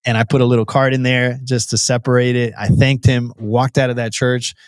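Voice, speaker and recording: A man's voice: mid-range voice, flat delivery, a little fast, clean tone, no room sound, clean studio sound. A man as a podcast guest telling his personal testimony in an earnest, storytelling way, with frequent restarts and a casual "bro" to the host.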